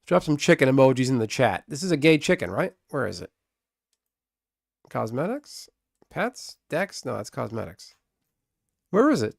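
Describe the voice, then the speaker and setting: A man streaming a card game live, chatting casually with viewers, excitable and swearing freely. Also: medium pitch, normal speed, creaky, pauses often, no echo, clean studio sound.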